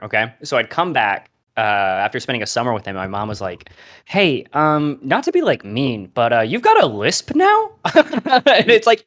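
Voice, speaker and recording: A man's voice: medium pitch, fairly bright tone. A young man co-hosting a podcast, chatting casually, laughing often, swearing and tripping over words. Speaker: podcast co-host. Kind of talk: casual chat.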